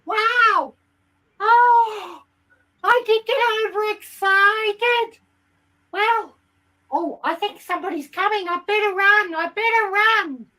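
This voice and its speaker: A woman voicing an excitable, chatty female hen who rambles with lots of ums. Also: high-pitched, takes it slowly, recorded from a distance, low-quality recording. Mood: giddy. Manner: rambling, giddy, full of ums. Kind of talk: comic character monologue.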